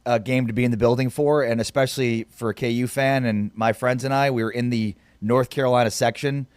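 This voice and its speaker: A man hosts a sports talk radio show, speaking in an eager, chatty way. His voice is mid-pitched and comes across close and dry on a studio mic. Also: steady tone, brisk, clear, resonant tone, no room sound.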